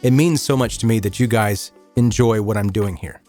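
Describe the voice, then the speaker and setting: A man hosting a true crime podcast, telling the story in a measured, somber way and chatting casually with listeners. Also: fairly low pitch, darkish tone, soft background music. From American South. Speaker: podcast host.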